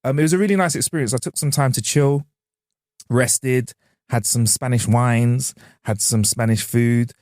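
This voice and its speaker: In a studio-quality recording with no echo, a man co-hosts a podcast, telling stories in a laid-back, slangy manner as casual chat. His voice is medium in pitch, a little mellow, and paced normally.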